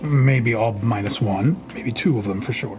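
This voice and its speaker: Man player at a tabletop game, mid-pitched, conversational, clear music behind. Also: normal speed.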